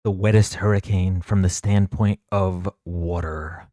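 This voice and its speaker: A man's voice: deep voice, steady tone, a little slow, warm tone, no echo, clean studio sound. A man streaming live, opening trading card packs, counting cards aloud and joking about himself with his chat. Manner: jokey, counts cards aloud, self-deprecating.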